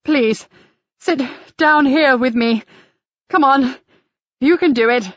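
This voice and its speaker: A woman's voice: high voice, slow, no room sound, lo-fi sound, pitched above the performer's own voice. A woman voicing a theatrical male church tour guide in an audiobook, with polished, showman-like patter. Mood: urgent.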